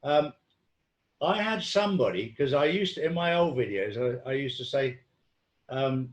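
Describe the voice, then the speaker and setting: A man's voice: mid-range voice, expressive, moderate pace, roomy sound. A man in casual conversation, telling rambling stories with lots of ums and restarts. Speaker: guest.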